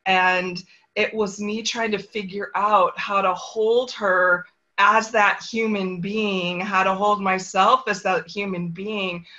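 A middle-aged author, appearing as an interview guest, tells a personal story reflectively and earnestly, with brief quoted voices. Her voice is medium-pitched, bright and forceful, though the audio is dull.

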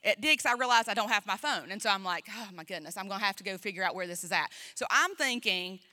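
A woman's voice: medium pitch, expressive, fast, bright, forceful tone. A woman pastor telling a long story from the pulpit in a chatty, self-mocking way, full of asides. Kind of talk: storytelling sermon. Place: church.

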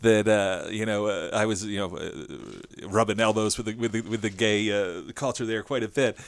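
Halting low-voiced male host. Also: no room sound. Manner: thoughtful, halting with many fillers. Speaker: podcast host. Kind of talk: casual interview chat.

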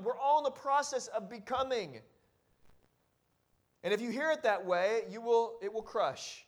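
A male pastor with a high voice delivers a sermon. He speaks earnestly and exhorts his listeners, and at times his voice sinks almost to a hush. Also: expressive, measured pace, long pauses. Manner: earnest and exhorting, with sudden quiet drops.

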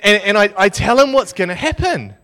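A young man from New Zealand preaching a sermon as a lively, self-mocking story. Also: sits high, a little fast.

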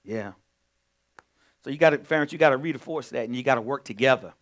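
A male pastor preaching in a conversational way, moving from quiet storytelling to loud, emphatic points. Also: medium pitch, a little fast. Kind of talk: sermon.

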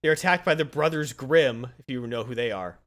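A man's voice: mid-range voice, brisk, fairly bright tone. A man in casual chat, rambling through a story recap with lots of fillers.

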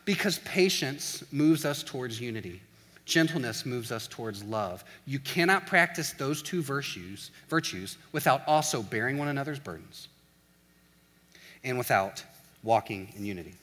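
A college pastor preaching in a relaxed, conversational way, animated, acting out everyday scenes and saying "like" a lot. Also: male voice, mid-range voice, normal speed, big-room sound. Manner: animated, acts out little scenes in quoted voices, says "like" often. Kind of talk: casual conversational sermon.

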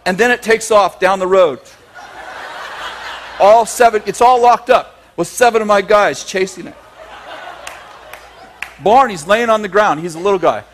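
Guy preaching, pretty high voice, lively funny storytelling, laughs along as he goes. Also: a little slow, long pauses, a little hiss or hum. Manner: animated, chuckling storyteller with emphatic asides. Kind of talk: humorous sermon storytelling.

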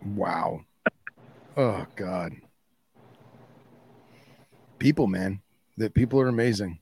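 A man co-hosting a podcast in casual chat, an animated storyteller who acts out both sides of conversations. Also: lowish voice, slow pace, creaky, breathy edge. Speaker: podcast co-host.

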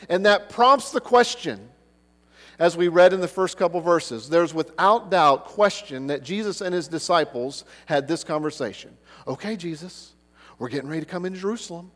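A man's voice: high voice, a bit bright, in a large hall. A man preaching a sermon, earnest, who keeps asking the listeners rhetorical questions. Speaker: pastor.

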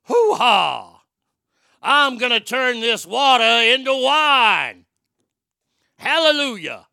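A brash gangster Jesus bellows slow, swaggering lines, as a man puts him on. The voice is gravelly and pushed high and bright. It sounds close and dry. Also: big pitch swings, dry recording, full character voice. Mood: boisterous. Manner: shouting, boisterous, drawn out.

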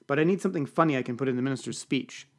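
A man voicing a bossy, loud male political staffer who talks in brisk, commanding bursts. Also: mid-range voice, natural voice.

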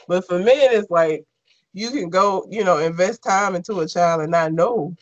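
Male co-host, high voice, blunt profane chat, dull lo-fi sound. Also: measured pace. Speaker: podcast co-host. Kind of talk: casual chat.

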